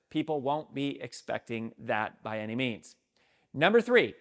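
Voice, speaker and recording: A middle-aged man, a speaking coach, giving an energetic, emphatic talk to camera on how to open a speech. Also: a little high. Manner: energetic, emphatic, acts out sample openings.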